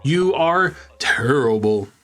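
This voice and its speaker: A man's voice: mid-range voice, expressive, slow pace, fairly bright tone, soft background music. A man voicing a mocking caricature of an indignant conservative man with an exaggerated Southern accent. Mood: whiny demanding. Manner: mocking, exaggerated whiny drawl.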